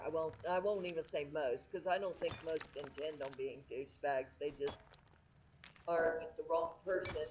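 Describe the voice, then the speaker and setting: A woman's voice: deep voice, background noise. A middle-aged woman streaming from home, chatting candidly and rambling with frequent restarts. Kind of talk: casual chat.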